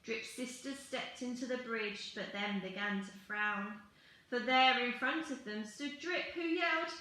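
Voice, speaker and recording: A woman teacher reading a rhyming picture book aloud in an expressive, rhythmic storytelling manner. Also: a little high, measured pace. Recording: very echoey room.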